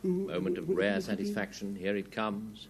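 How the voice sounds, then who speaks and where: A man hosting a 1970s panel game show, wry and brisk as he calls on players. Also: lowish voice. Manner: lively, wry, reads out definitions. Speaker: quiz show host. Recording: 1970s studio broadcast with audience, noisy. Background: studio audience.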